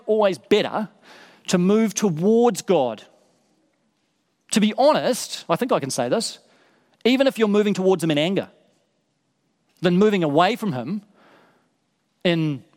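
A man's voice: high-pitched, a little mellow. Earnest male preacher in a reverberant hall. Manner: earnest, repeats words for emphasis. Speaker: pastor. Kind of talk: sermon.

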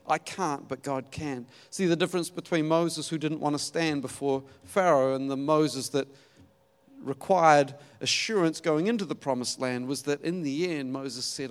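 A man preaching a sermon, telling the story in a lively way and acting out the quotes. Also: on the high side. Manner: animated storytelling with acted-out quotes and laughs.

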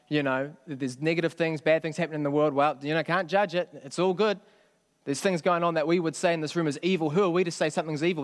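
A man preaching a sermon in a conversational way, often asking the congregation questions. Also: a little high. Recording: long hall reverb.

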